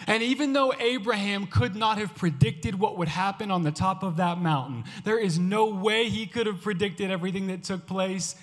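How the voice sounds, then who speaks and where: A male youth pastor preaching a sermon to students with impassioned, repetitive exhortation, swinging from loud urging to hushed storytelling. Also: sits high, normal speed, few pauses, in a large hall.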